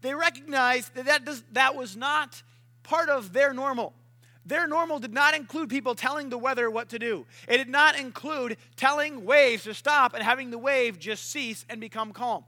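A man's voice: very high voice, moderate pace, sharp tone. A man preaching a casual sermon, joking and acting out voices as he tells the story.

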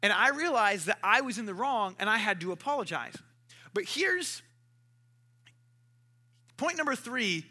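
A man's voice: high voice, pushed and bright. A man preaching a sermon as a pastor, telling stories animatedly and acting out conversations in other people's voices.

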